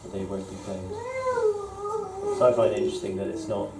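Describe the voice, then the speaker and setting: A man in a study circle offering his view tentatively, pausing with fillers as he reasons aloud, recorded far off in an echoey room with background noise. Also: lowish voice, fairly even intonation. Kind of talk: discussion remarks.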